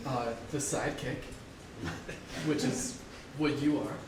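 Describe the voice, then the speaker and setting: A man's voice: mid-range voice, fairly even intonation, takes it slowly, heavy background noise. A man performing in a live improv comedy scene, brash and jokey in character. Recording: echoey room mic from far off.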